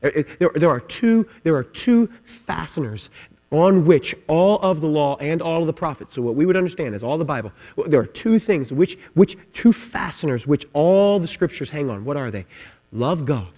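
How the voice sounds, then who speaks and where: A man preaching a sermon with passion, repeating his words and swinging between loud, driving lines and hushed ones. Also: on the high side, animated, moderate pace. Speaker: pastor. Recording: long hall reverb, mains hum.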